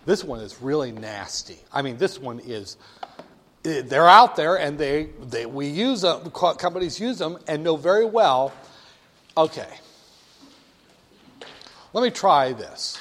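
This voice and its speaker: A man giving a classroom lecture in an animated, joking way, talking directly to his students. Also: on the high side, a little slow, pauses often. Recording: long hall reverb.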